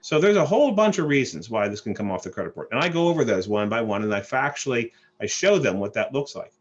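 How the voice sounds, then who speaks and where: A man giving an animated sales presentation on a group call, often repeating and restarting phrases. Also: medium pitch, fast talker, muffled recording. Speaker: credit repair presenter. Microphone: phone or call line.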